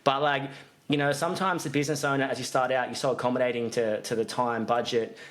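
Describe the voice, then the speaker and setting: A mid-pitched man talks business on a podcast. He rambles in casual chat, doubling back and restarting his sentences as his thoughts run on. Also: fairly even intonation, fast, fairly bright tone. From Australia. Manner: rambling, with frequent restarts and fillers. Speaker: podcast co-host, business coach.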